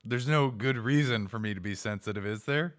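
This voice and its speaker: A man's voice: medium pitch, a little fast, a bit bright. A man co-hosting a podcast in a studio, rambling through stories and poking fun at himself. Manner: rambling, self-deprecating storyteller. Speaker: podcast co-host. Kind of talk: casual comedic chat.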